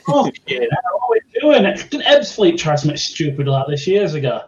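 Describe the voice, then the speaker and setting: A man's voice: a little high, big pitch swings, moderate pace, dull audio. A man co-hosting a football podcast, swearing heavily in exasperated banter. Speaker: podcast co-host. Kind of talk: casual football podcast chat.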